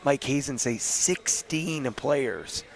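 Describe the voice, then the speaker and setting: A hoarse young man from Canada doing play-by-play commentary, calling goals with fast excitement. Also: mid-range voice. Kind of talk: live sports commentary. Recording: noisy arena broadcast.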